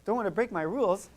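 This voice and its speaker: Against background noise, a low-voiced woman runs a music therapy workshop for a group. She chats, encourages, laughs often and shows them vocal sounds.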